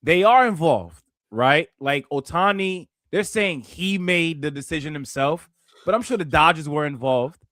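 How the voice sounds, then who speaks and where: A man's voice: fairly high pitch, a little slow, fairly bright tone, dry recording, studio quality. A man co-hosting a casual sports podcast, chatty, asking questions and laughing often. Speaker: podcast co-host.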